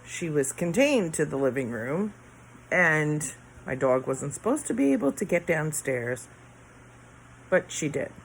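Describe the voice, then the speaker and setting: This vlogger is a weary middle-aged woman chatting to camera in her bedroom late at night, drifting off mid-thought between yawns and sighs. She speaks in a low, sing-song voice at a measured pace, over slight background noise on poor audio.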